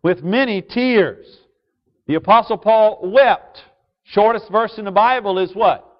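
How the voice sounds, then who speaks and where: A man preaching a sermon to a congregation, asking them questions and switching from loud emphasis to quiet asides. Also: high voice, unhurried. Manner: call-and-response questions to the congregation. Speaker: pastor. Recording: dull lo-fi sound.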